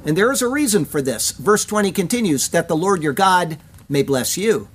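A Bible teacher giving a verse-by-verse sermon commentary, reading scripture in a measured, emphatic way and sounding out Hebrew words. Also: mid-range voice, animated, a little hiss or hum.

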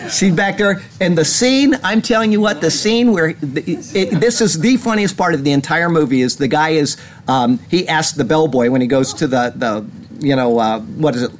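High-voiced rambling male host. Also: moderate pace. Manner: rambling, animated storytelling with laughs. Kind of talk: casual news commentary.

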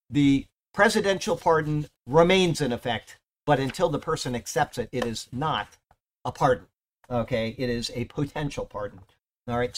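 A man leads a Bible study in a slightly high voice. He reads commentary aloud and stops often to check that his listeners follow. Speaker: Bible teacher.

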